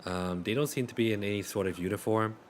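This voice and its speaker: A man narrating as game master in a tabletop game, hesitant and full of pauses and restarts. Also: lowish voice, a little hiss or hum. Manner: hesitant, many fillers and restarts.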